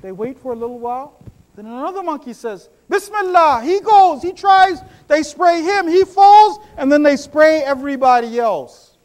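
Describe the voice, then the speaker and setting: Man, preacher, sermon, very high voice, lively pitch, animated storytelling, loud bursts and hushed asides. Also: moderate pace.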